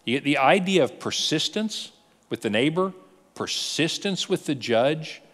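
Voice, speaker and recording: A man's voice: a little high, a little slow, long reverb tail. A male pastor preaching a sermon, retelling stories and throwing rhetorical questions to his congregation. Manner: animated storytelling with rhetorical questions.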